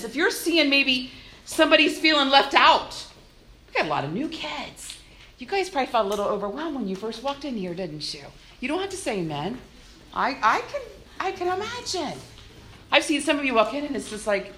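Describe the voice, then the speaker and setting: Lively bright-voiced woman preaching to youth. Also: fairly high pitch, normal speed, a little hiss or hum. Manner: animated, acts out little voices. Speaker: youth group speaker. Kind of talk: church youth talk. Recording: echoey room.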